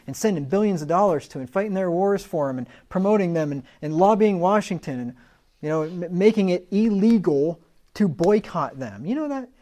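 A man's voice: a little high, darkish tone. A man preaching a sermon in an emphatic, conversational way, often restarting his sentences.

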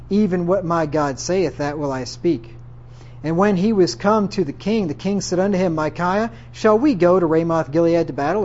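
This preacher's voice sits fairly high and sounds a little mellow. He reads verses from the Bible and then puts them into plain, slangy everyday talk, recorded with dull lo-fi quality.

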